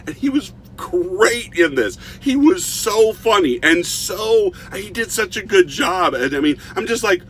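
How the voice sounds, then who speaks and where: Middle-aged male reviewer, casual and animated, stumbles and restarts often, faint noise behind. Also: high voice, a little slow, hardly any pauses. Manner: animated storytelling with frequent restarts. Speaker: movie reviewer.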